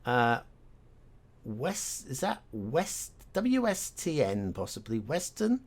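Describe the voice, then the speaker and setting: A man muses aloud at an unhurried, halting pace while playing a guessing game, often trailing off as he talks to himself. His voice sits at an ordinary middle pitch. Mouse clicks and keyboard typing tick along behind him. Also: huge pitch swings. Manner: musing, hesitant, talks to himself. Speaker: game streamer.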